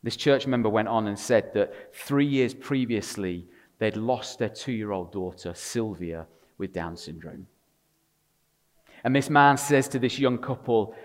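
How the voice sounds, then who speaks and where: A man's voice: on the low side, unhurried. Man preaching in a reverberant church. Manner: swings between loud emphatic passages and quiet intimate storytelling; wry humor with the congregation. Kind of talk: sermon. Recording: long reverb of a large room.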